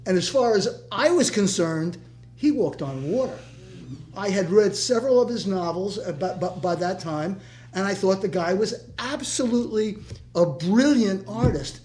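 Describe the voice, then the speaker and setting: A man's voice: high voice, expressive, normal speed, darkish tone. An older man, a former teacher, telling a long story with many restarts at a community discussion. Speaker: retired teacher in audience. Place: meeting room.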